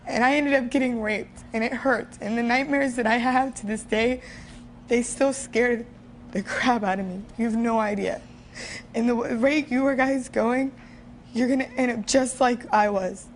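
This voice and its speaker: A woman's voice: on the high side, fairly even intonation, moderate pace, a little hiss or hum. Earnest young woman pleading with girls. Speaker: guest sharing her story. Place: TV studio.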